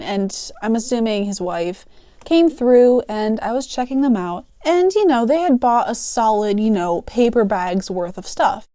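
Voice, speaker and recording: A woman's voice: fairly high pitch, warm tone, no room sound, studio quality. Giggly chatty teenage girl. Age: teens. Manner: chatty and giggly, often laughing mid-sentence. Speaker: art channel host telling work stories. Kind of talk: casual storytime vlog.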